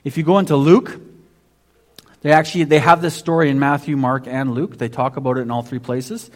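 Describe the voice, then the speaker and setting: A man's voice: medium pitch, fairly even intonation, a little fast. A man preaching a sermon in a conversational way, often restarting and saying "basically". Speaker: pastor.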